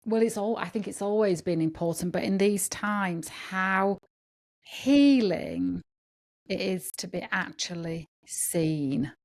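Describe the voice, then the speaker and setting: A woman hosts a podcast conversation and reflects slowly and thoughtfully. Her voice has a gravelly fry, and she speaks at a very unhurried pace. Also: mid-range voice. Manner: slow, thoughtful reflection with soft affirmations. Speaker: podcast host. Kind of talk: interview conversation.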